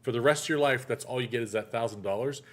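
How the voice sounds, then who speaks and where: A middle-aged man hosting a casual chat show, telling stories with animated energy. He slips into little voices for the people he quotes. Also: mid-range voice, quick pace. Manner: animated storyteller, acts out quotes. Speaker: podcast host; actor.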